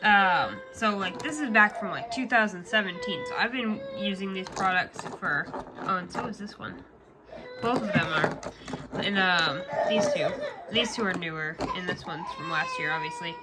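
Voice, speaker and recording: A woman's voice: fairly low pitch, moderate pace, loud music behind the voice, rough recording. A young woman chatting casually in a home craft vlog, rambling with lots of fillers and breaking off to play with her baby. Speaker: vlogger, crafter. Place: home room. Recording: home video with steady noise.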